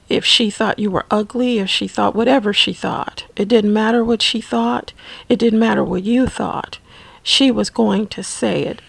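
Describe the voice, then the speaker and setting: A woman recounts her memories slowly and haltingly, often dropping to a near whisper. Her voice is gravelly and a little husky, and sits somewhat high. The recording is close and dry. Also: no room sound, low-quality recording. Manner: slow, halting, soft-spoken. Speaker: memoir narrator. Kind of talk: personal storytelling.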